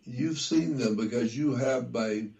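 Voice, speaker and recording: Slow gravelly older man lecturing. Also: mid-range voice, warm tone, dull audio. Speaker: guest researcher. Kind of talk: conversational interview.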